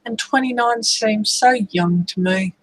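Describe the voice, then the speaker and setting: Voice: medium pitch, unhurried, no echo, poor audio. An adult in their forties with an Australian accent, making dry, wry remarks in a casual voice chat. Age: 40s.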